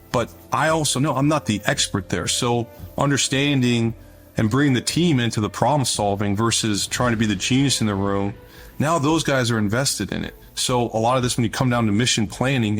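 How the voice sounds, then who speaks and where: A man's voice: mid-range voice, fairly bright tone. A middle-aged man, a former Navy officer, speaking as an interview guest, telling stories in an earnest, conversational way that often repeats words as he starts a thought. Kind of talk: interview storytelling.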